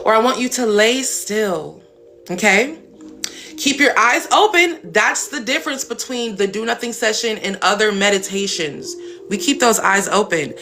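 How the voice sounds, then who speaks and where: A woman's voice: a little high, pushed and bright. A woman hosting a live stream as a spiritual coach, talking casually and bluntly with some cursing. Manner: blunt, chatty, swears casually.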